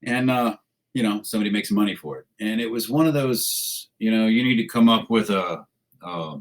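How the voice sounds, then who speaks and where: A man's voice: lowish voice, moderate pace, low-quality recording. A middle-aged man, a podcast guest in a studio, telling salty, profane anecdotes with laughs in a casual interview.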